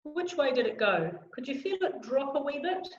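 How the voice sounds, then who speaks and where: A woman leading a choir through a vocal warm-up lesson on a video call, encouraging and demonstrating sounds aloud. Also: high voice, very animated, normal speed. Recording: roomy, slightly dull video call audio.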